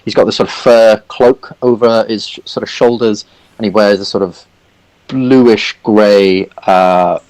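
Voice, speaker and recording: Rambling, low-voiced man as game master. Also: steady tone, measured pace, darkish tone, low-quality recording. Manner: rambling, many fillers like "sort of". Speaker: dungeon master. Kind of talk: narrating a tabletop game.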